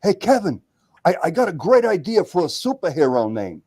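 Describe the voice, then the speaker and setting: A man voicing his clueless buddy, eagerly pitching a silly superhero name. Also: sing-song, fairly quick, darkish tone, breathy edge, no room sound, clean studio sound, heavily acted. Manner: eager, naive. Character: clueless male buddy pitching hero names.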